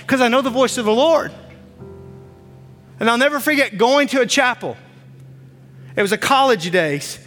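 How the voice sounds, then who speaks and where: Pastor, man in his 40s, very high bright voice, fervent repetitive preaching, reverberant church, faint music under. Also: lively intonation, normal speed, pauses often. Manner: impassioned preaching, repeats phrases. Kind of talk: sermon. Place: church stage.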